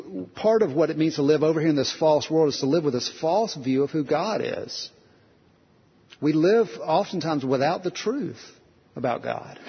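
A man's voice: a little high, breathy edge. A male pastor preaching a conversational sermon, earnest, repeating phrases and restarting sentences, with many rhetorical questions. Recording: dull lo-fi sound with long hall reverb.

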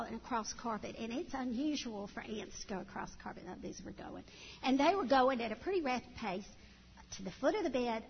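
A middle-aged woman telling animated, folksy stories to a church audience, recorded in a church hall. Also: on the high side, a little hiss or hum. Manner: animated, folksy storytelling with acted-out voices. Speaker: church speaker. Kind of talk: storytelling talk to a church audience. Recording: dull sound in a long-reverb hall.

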